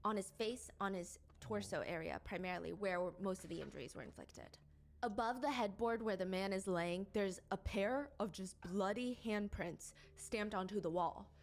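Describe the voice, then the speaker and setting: Woman narrating a true crime story. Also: medium pitch. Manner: measured, descriptive storytelling.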